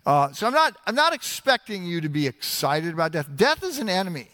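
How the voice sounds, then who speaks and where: A man's voice: high-pitched, very animated, brisk, fairly bright tone, in a large hall. A man preaching a sermon in a conversational, emphatic way, often restarting his phrases. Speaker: pastor.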